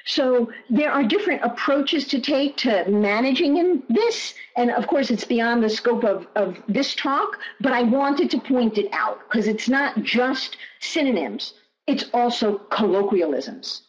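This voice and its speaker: A woman's voice: on the high side, expressive, unhurried. A woman presenting in a webinar, answering questions in an emphatic way and repeating key phrases. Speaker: guest presenter. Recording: muffled online audio.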